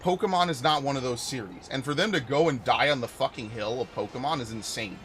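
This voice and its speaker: A man's voice: mid-range voice, quick pace, a bit bright, a little hiss or hum. A man live-streaming a video game, ranting angrily with lots of swearing and stumbling restarts. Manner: angry profane ranting with repeated restarts. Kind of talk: live gameplay stream commentary.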